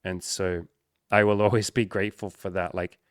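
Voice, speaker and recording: A man's voice: sits low, flat delivery, moderate pace, dry recording. A young man speaking candidly and emotionally to camera, swearing freely and close to tears. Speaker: coach and content creator. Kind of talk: emotional personal talk to camera.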